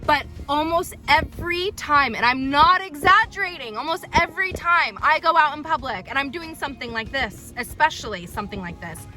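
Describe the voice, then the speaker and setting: A woman's voice: sits high, lively intonation, moderate pace, few pauses, pushed and bright. A woman dog trainer in a casual vlog, chatting and retelling stories with lots of ums.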